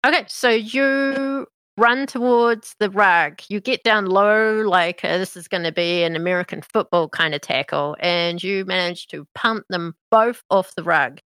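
A woman narrating a tabletop role-playing game as game master, in a slow, measured way. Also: mid-range voice, a bit bright, clear, resonant tone, no room sound.

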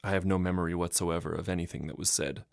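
A man reads a literary short story in a calm, measured voice. His tone sits very low. The recording is close and dry, with no room sound. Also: creaky, no room sound. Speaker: narrator and translator. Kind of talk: audiobook narration.

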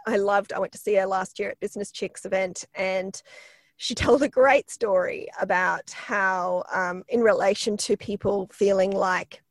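A woman with a croaky voice, a PR expert chatting as a podcast guest with lots of fillers and restarts. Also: mid-range voice, steady tone, normal speed, dry recording. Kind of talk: casual podcast interview.

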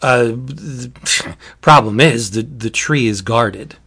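A man's voice: medium pitch, slow pace, gravelly, a bit bright, breathy edge. Man in casual chat retelling a book, rambling delivery, frequent restarts and laughs. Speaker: book reviewer.

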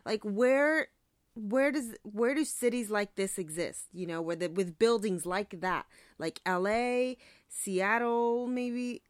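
A woman's voice: mid-range voice, no room sound, clean studio sound. A woman in casual chat, picking holes in a film's plot with questions and short asides. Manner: questioning, quick asides and back-channel agreement.

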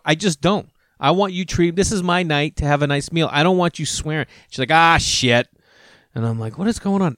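A man's voice: a little high, no room sound, studio quality. A man telling a rambling, profane story in a casual monologue and acting out the voices of the people in it.

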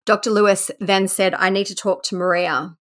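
A podcast host narrates a true-crime case casually, reading quotes aloud and tossing in asides. Her voice is mid-range and fairly bright, with little pitch movement, at a normal speed.

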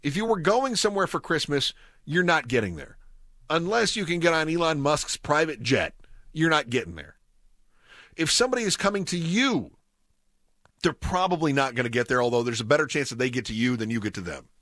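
Male talk radio host, chatty and wry, bright tone over a dry studio mic. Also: on the high side, big pitch swings, fairly quick, no room sound. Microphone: studio microphone.

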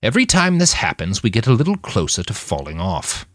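A man's voice: fairly low pitch, huge pitch swings, brisk, fairly bright tone, dry recording, studio quality, full character voice. A man playing a grim, grumbling old man who warns of danger. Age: over 60 (figure).

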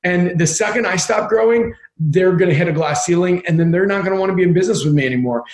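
A man appears as an interview guest in a casual chat, sounding energetic and often repeating words while he thinks. His voice is high and quick, and the room is echoey.

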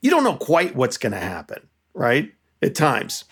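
An interview host whose voice swings up and down as he talks. He chimes in eagerly, asking follow-up questions and adding comments in a relaxed, conversational way. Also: medium pitch, unhurried, breathy edge. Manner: enthusiastic, reactive interjections.

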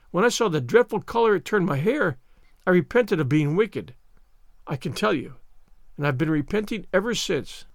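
A man's voice: high voice, gravelly, dry recording, studio quality, heavily acted. A man reading the part of a dramatic, despairing young orphan girl in a storybook, full of theatrical self-pity. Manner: theatrical, self-pitying laments.

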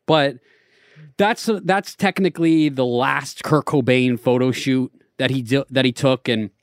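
A man's voice: medium pitch, unhurried, no room sound, studio quality. A man in his thirties telling rambling, profane stories as a co-host on a casual podcast. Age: 30s. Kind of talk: casual chat.

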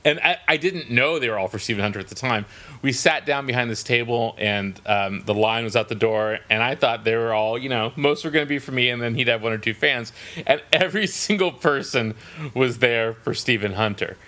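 Middle-aged male novelist-host, mid-pitched, chatty, self-mocking storyteller on a video call. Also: fairly quick. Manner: self-deprecating, animated anecdote-telling with laughs. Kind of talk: casual storytelling chat.

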